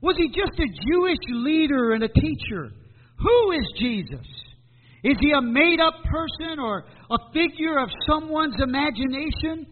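A man preaching a sermon as pastor, with dramatic pauses and repeated questions. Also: extremely high pitch, lively intonation, slight background noise. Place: church. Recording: tinny phone-like sound in a hall.

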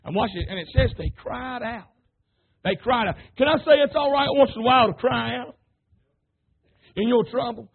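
A man preaching a sermon, fervent and calling out to his congregation, sometimes rising to shouts. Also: very high voice, normal speed, gravelly, long pauses. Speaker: pastor. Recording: tinny phone-like sermon recording.

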